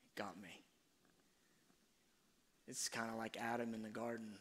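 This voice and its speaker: Middle-aged man, earnest, soft-spoken, husky voice, long hall reverb. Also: fairly low pitch, little pitch movement, unhurried. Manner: soft-spoken, earnest, often trailing off quietly. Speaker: speaker sharing a parenting story. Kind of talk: reflective personal storytelling talk.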